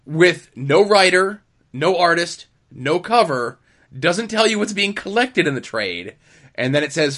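A young man with a high, fairly bright voice speaks slowly but animatedly. Co-hosting a casual comics podcast, he chats wryly while running through the news.

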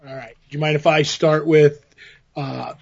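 A man co-hosting a podcast, talking casually and eagerly, halting with restarts. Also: fairly high pitch, flat delivery, gravelly. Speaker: podcast co-host. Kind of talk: casual chat. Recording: dull lo-fi podcast audio.

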